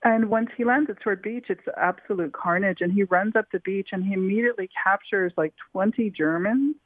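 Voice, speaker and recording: A woman author tells a wartime story to an interviewer with eager energy, often restarting her sentences. Her voice comes down a tinny, dry phone line. Her pitch sits in the middle range. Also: a little fast, dry recording. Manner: eager, with frequent restarts and fillers. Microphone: telephone.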